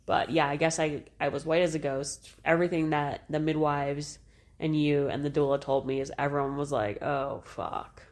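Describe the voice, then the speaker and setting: A woman's voice: deep voice, moderate pace. A woman in her thirties co-hosting a podcast, telling a personal story casually, swearing freely and laughing as she goes. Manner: animated, swears freely, laughs while recounting. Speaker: podcast co-host.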